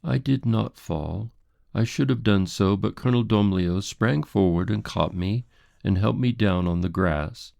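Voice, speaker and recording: A man's voice: lowish voice, measured pace, vocal fry, a little mellow, dry recording, voice pushed up. A man voicing a haughty, indignant English society lady who speaks in a prim, defensive, formal way.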